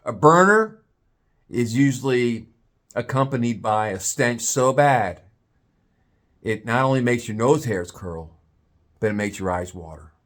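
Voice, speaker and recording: A man telling a comic story in a drawn-out, playful way. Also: mid-range voice. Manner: animated, drawn-out comic buildup.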